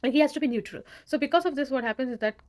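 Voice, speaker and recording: A woman's voice: sits high, rapid-fire, darkish tone. A woman hosting her own devotional channel, earnestly retelling scripture stories with quoted dialogue. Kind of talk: devotional storytelling talk.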